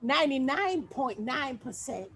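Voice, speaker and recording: A stage monologue from a woman voicing an outspoken, sassy woman airing her grievances. The voice sits high and swoops widely, and the delivery is unhurried. She slips into mocking, exaggerated tones. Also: full character voice. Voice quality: expressive, mocking tone shifts. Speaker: stage actor performing a monologue. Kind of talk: theatrical monologue.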